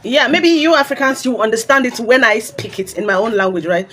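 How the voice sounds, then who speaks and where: A woman's voice: a little high, a little fast, fairly bright tone, a little hiss or hum. A woman with a Nigerian accent giving an earnest, lecturing commentary. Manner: earnest, lecturing, lists examples. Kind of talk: explanatory commentary.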